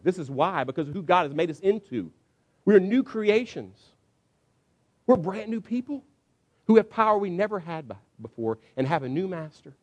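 A middle-aged man preaching a sermon, telling stories in a conversational way and checking in with the congregation with frequent asides. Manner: acts out quotes with sudden high excited pitch. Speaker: pastor.

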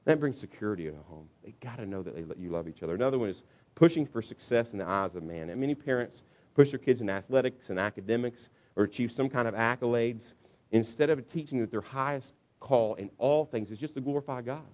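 A man preaching a conversational sermon on parenting as a pastor, animated, briefly acting out shouting parents. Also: mid-range voice, fast.

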